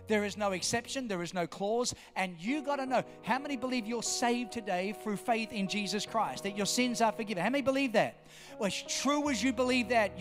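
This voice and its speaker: A man preaching a sermon, emphatic and repetitive, firing questions at his congregation. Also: high voice. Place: church hall. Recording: long hall reverb, faint music.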